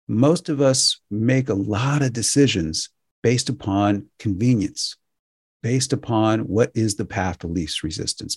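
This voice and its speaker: A man's voice: mid-range voice, a little mellow, breathy edge, no echo, clean studio sound. Indignant male radio host. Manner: indignant, conversational, asks "right?" often. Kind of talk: casual monologue.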